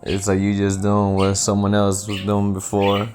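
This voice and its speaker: A man's voice: on the low side, completely flat delivery, moderate pace, a little mellow, slight background noise. A man hosting his own podcast alone, rambling casually, swearing freely and laughing often. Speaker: podcast host. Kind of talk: casual solo podcast chat. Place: home by a window.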